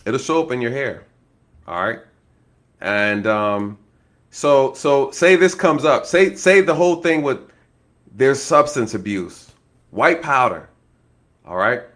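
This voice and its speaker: This ex-law enforcement officer talks through true-crime cases in a casual, animated way, often laughing and addressing his viewers directly as he acts out what might have happened. His voice is medium in pitch, and he speaks slowly with frequent pauses.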